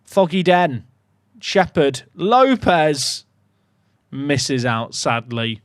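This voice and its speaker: A young man streaming a football management game, commentating casually with sarcastic, excitable swings. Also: on the high side, drawn-out words, no room sound, studio quality. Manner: animated, sarcastic, swings between excitement and mock despair. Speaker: gaming streamer.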